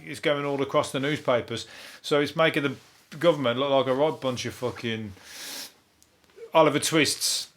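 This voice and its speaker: A man's voice: mid-range voice, fairly bright tone. Sweary rambling man. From Birmingham, England. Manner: sweary, rambling, laughs at his own jokes. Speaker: comedian podcast host. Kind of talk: casual comic monologue.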